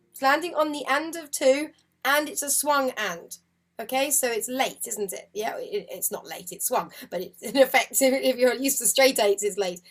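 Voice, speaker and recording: A woman's voice: high-pitched, normal speed, soft background music. A woman teaching an online group harp lesson, counting rhythms aloud and singing the notes in an encouraging way. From United Kingdom. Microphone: video call setup. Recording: loud harp playing behind the voice.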